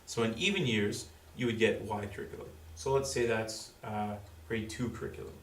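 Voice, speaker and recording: A man's voice: on the low side, fairly even intonation. Man presenting to parents in roomy hall. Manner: halting, filler-heavy explaining. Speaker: school presenter. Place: school room with audience. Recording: roomy, distant, faint background noise.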